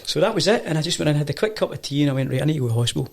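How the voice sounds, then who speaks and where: A Scottish football coach rattling through an anecdote in quick speech. His voice is gravelly, and he acts out the people he quotes. The tone is casual and chatty. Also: fairly high pitch. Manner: animated anecdote-telling, acting out quoted voices. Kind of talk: casual storytelling.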